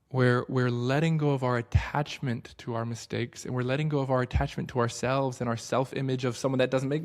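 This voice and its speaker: A man in his thirties speaks at a middle pitch, earnest and reflective. He talks casually, with loose fillers and restarts. He drops into a slower, deliberate pace for the points that matter most. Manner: earnest and reflective, slowing for emphasis. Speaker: book study host. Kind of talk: reflective spoken talk.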